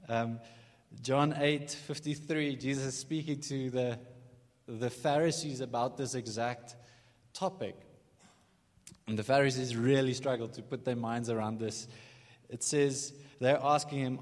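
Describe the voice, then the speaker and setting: Male preacher, earnest and emphatic sermon delivery, mid-pitched voice, long hall reverb. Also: steady tone, measured pace. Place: church during a morning service.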